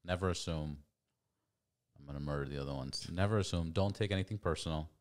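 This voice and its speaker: Deep-voiced male podcast host. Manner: brief agreeing interjections, halting restarts. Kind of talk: casual interview chat.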